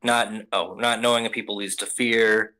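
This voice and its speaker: A man's voice: lowish voice, level tone, moderate pace, sharp tone, rough recording. Rambling, casual young man recapping. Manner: rambling, casual, profane, many fillers. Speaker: podcast host.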